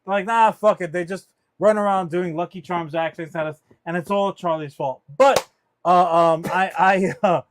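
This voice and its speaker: A man with a high voice runs a loose pop-culture chat, animated and rambling. He swears freely and piles up fillers and restarts. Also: normal speed. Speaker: podcast co-host.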